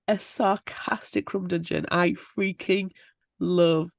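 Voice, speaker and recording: A woman co-hosting a book podcast, chatting playfully and gushing about favourite characters. Her voice is low with a gravelly fry. The sound is dry and close. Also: steady tone, slow pace, no echo. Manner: gushing, playful, breaks into squeals. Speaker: podcast co-host. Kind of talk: casual book chat. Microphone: video call.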